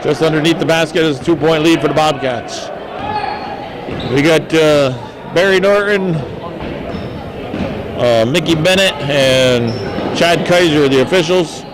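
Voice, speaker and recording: A man calling a small-town high school basketball game with a folksy, joking manner, often tripping over player names. His voice sits a little high. Loud gym noise and bouncing balls carry under the broadcast. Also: a little slow, long pauses. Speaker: play-by-play announcer. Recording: noisy gym broadcast audio. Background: gym ambience and bouncing basketballs.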